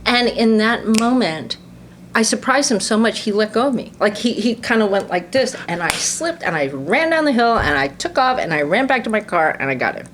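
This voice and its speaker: A woman's voice: on the high side, normal speed, slight background noise. A woman in her sixties from the United States, an actress giving an interview and telling stories animatedly, laughing often and acting out what people said. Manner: animated storyteller, laughs often, acts out quotes. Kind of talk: casual interview conversation.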